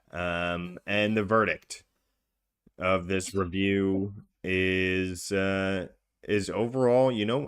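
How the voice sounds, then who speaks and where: A man with a fairly low voice co-hosting a gaming podcast. He talks in an upbeat, loose, casual way, full of filler words and restarts. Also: clear, resonant tone. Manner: chatty, filler-heavy, upbeat. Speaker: podcast co-host.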